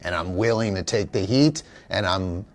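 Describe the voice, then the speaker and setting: An actor who is also a father and teacher tells a personal story in an interview, speaking at normal speed in a low voice. His candid storytelling is earnest, reflective, and emotional.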